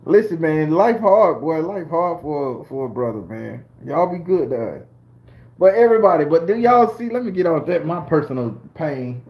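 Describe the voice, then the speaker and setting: His voice sits on the high side with a sing-song quality at a moderate pace. The southern Florida channel host, a man in his forties, tells personal stories on a live stream, addressing chat viewers while swearing freely and laughing loudly.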